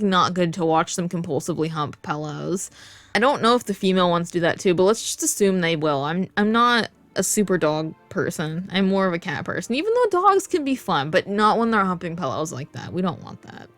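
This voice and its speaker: A woman's voice: mid-range voice, no echo. Rambling, foul-mouthed woman vlogger. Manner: rambling, digressive, swears freely. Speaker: comedic vlogger. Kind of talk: casual comedic rant to camera.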